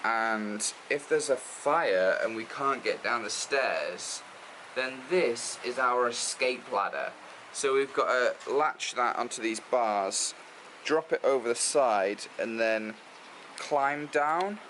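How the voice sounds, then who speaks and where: Strolling outdoors through a city, a Geordie-accented travel vlogger talks casually and rambles, saying "like" a lot among other fillers. He speaks slowly in a mid-range, fairly bright voice; there is slight background noise and the audio is poor.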